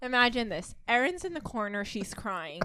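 A woman's voice: fairly high pitch, sing-song, normal speed, bright, forceful tone, slight background noise. A tipsy young woman co-hosting a casual chat, giggly and crude, acting out silly scenes. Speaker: podcast co-host.

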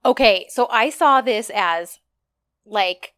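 A woman's voice: fairly high pitch, slow, no room sound, clean studio sound. A woman in casual chat, talking a lot with "like" and acting out what characters should have said. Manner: animated, lots of "like", acts out what characters should say. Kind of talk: casual chat recapping a show.

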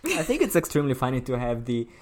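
A podcast co-host making dry, deadpan quips in casual chat. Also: mid-range voice, quick pace, a crowd in the background.

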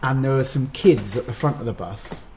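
A man's voice: medium pitch, normal speed, mellow, slight background noise. A man co-hosting a podcast in casual chat, making dry, wry asides. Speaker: podcast co-host.

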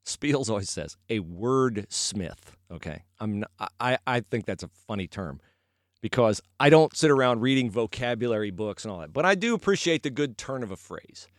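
A podcast host with a mid-range voice talks casually and emphatically in a folksy way, shifting from sports to faith. He is animated and repeats himself for emphasis. The recording is dry, with clean studio sound.

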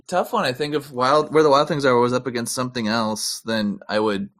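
A man's voice: mid-range voice, steady tone, a little fast, a bit bright. A man co-hosting a podcast, chatting casually and thoughtfully about movies. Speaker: podcast co-host.

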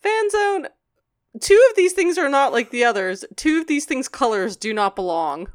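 A woman co-hosting a casual chat, recapping a cartoon with quick joking asides. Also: sits high, sing-song. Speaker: podcast co-host.

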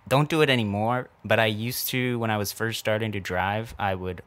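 A man's voice: lowish voice, fairly even intonation, normal speed, a bit bright, smooth. A man co-hosting a podcast in casual chat, rambling and chatty, laughing easily. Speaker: podcast co-host.

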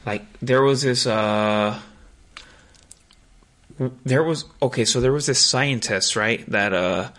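A man's voice: mid-range voice, takes it slowly, pauses often, a bit bright. A man in casual chat, rambling through stories with lots of slang and profanity.

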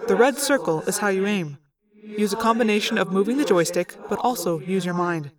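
A woman's voice: mid-range voice, fairly quick, crowd noise, lightly acted. A woman reading as a stiff formal alien pilot. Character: formal polite male alien cadet pilot.

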